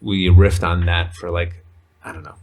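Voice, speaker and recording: Low monotone guy rambling casually on a podcast, lots of "like"s. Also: normal speed. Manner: rambling, leans on fillers like "like" and "um". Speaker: podcast guest, men's coach. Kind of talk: casual conversational chat.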